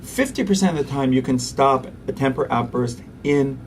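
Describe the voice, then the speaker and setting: A man, a pediatrician and interview guest, who talks animatedly and acts out quick voices for parents and toddlers. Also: medium pitch, recorded from a distance, slight background noise. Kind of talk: conversational interview.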